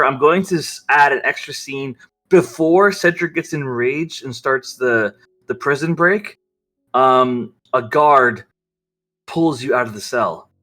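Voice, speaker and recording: A man's voice: mid-range voice, pushed and bright. A man narrating as game master of a tabletop game, rambling with many fillers.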